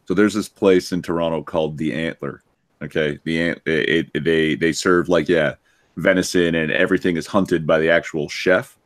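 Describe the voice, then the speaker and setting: A man's voice: extremely low pitch, steady tone, normal speed, no echo, studio quality. A man in a casual podcast chat, telling stories in a plain, matter-of-fact way.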